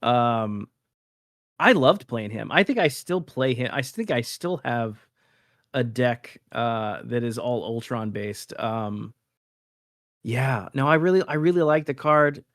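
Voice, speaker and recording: A man as an interview guest, speaking in a relaxed, hesitant way with plenty of ums and uhs. His voice is of middling pitch, and the sound is dry and close. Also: slow pace, no room sound. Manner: relaxed, many fillers and restarts. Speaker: guest artist. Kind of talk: casual interview chat.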